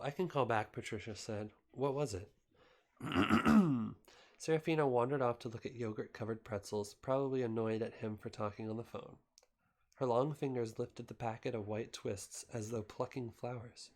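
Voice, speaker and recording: Male amateur reader, mid-range voice, casual and unpolished delivery, loose homemade reading of a novel. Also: mid-range voice. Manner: relaxed, unpolished, stops to recap in his own words.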